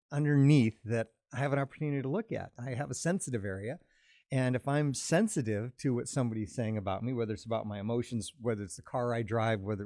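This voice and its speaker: A man in an earnest, reflective conversation about emotions, explaining his view calmly. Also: mid-range voice, no room sound, clean studio sound. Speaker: podcast host.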